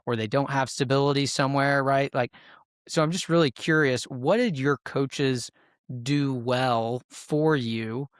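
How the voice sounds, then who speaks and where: A man's voice: medium pitch, fairly even intonation, measured pace, smooth, dry recording, clean studio sound. A man hosting a coaching podcast, asking curious, reflective questions and sharing his own memories. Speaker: podcast host.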